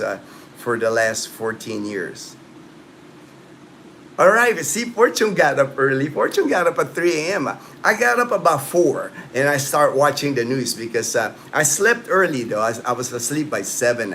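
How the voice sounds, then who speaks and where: A man in his late fifties runs a casual live-stream chat from home in the Philippines, loosely rambling and replying to viewer comments. His talk is full of "you know" and "man." His voice is mid-range and a bit bright, with slight background noise.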